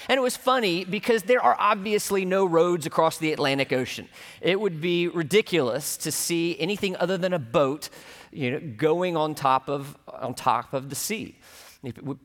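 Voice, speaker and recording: A man's voice: on the high side, moderate pace, fairly bright tone. Conversational male pastor in a reverberant church. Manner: conversational storytelling, self-deprecating humor. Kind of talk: sermon. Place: church sanctuary. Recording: long hall reverb.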